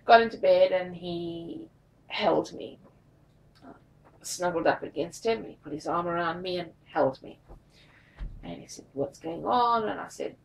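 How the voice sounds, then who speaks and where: A tired, drained woman telling a personal story in a confessional vlog, halting and repeating her words. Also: lowish voice, gravelly, recorded from a distance, a little hiss or hum, rough recording. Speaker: vlogger.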